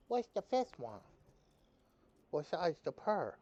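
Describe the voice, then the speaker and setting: A man's voice: a little high, big pitch swings, slow, pauses often, darkish tone, lo-fi sound. Man streamer fussing at his cat. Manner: swearing, scolds his cat in a baby-talk tone. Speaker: game streamer. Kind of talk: casual live-stream chat.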